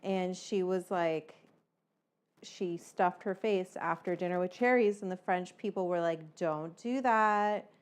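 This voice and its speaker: A woman's voice: lowish voice, steady tone, unhurried, darkish tone, smooth. Chatty, profane woman cooking on a livestream. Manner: rambling, chatty and profane, with frequent fillers. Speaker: cooking show host. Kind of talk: casual livestream chat while cooking.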